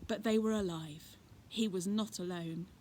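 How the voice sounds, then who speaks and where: A woman's voice: mid-range voice, measured pace, warm tone. A woman reading a children's adventure book aloud expressively, adding chatty asides. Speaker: reader. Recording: noisy recording.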